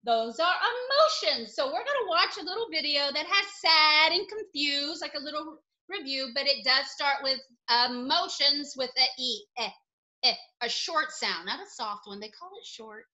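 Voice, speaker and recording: A woman teaching a children's alphabet lesson, excitable and exclaiming often. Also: high-pitched, moderate pace, low-quality recording.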